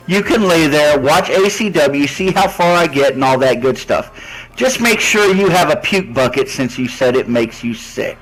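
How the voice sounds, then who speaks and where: A man with a fairly high voice delivers a trash-talking wrestling promo. He is sarcastic and taunting, turning mock-sweet to needle his rivals, while faint music plays behind him. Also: expressive, normal speed, fairly bright tone, low-quality recording. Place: online wrestling show with commentary table.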